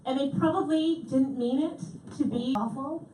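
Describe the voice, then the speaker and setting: Female keynote speaker, slightly high voice, lively delivery, heard from far off in an echoey hall. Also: moderate pace, slight background noise. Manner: lively, animated, repeats audience answers. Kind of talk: comedic keynote talk. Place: large hall.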